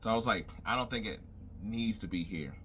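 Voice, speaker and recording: Speaking a little fast in a fairly low, bright, forceful voice, a young wrestling commentator makes predictions over a faint hiss or hum. He rambles casually on his own, thinking aloud, with "I was like" coming up again and again.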